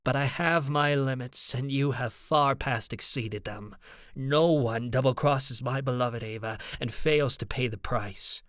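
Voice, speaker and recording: A man voicing a spiteful elderly woman in an audiobook, speaking slowly with a transatlantic accent and a cold, hissing contempt. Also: mid-range voice, fairly bright tone, dry recording, clean studio sound, natural voice. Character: spiteful elderly woman fire sorceress, domineering grandmother.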